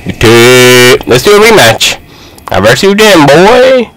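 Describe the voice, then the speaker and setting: A young man giving excited, trash-talking commentary while playing a fighting game. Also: on the high side, unhurried, no room sound, poor audio. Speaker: gaming YouTuber.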